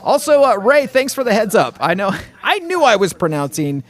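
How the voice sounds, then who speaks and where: A man's voice: high-pitched, sing-song, moderate pace, hardly any pauses, fairly bright tone, faint music behind. A man hosting a casual morning radio show, chatty and upbeat, rambling with fillers and restarts. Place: radio studio.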